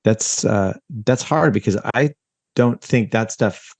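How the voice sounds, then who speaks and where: A man's voice: lowish voice, slow pace, no echo. Rambling self-mocking man, dry close mic. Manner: rambling, self-mocking, with restarts and bursts of animated quoting. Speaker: ADHD coach and podcast guest. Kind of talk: casual podcast chat.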